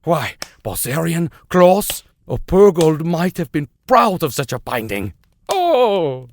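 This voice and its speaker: A man voicing an excitable old professor who gushes over a book, asking and answering his own questions. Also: medium pitch, slow pace, a little hiss or hum, pitched above the performer's own voice. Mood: gushing. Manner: gushing, asks and answers himself.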